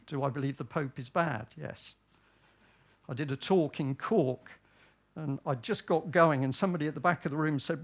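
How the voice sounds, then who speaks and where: Guy from britain giving a talk to a crowd, voice a bit on the high side, fires off questions then answers them himself. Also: moderate pace. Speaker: speaker at a public event. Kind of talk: public talk.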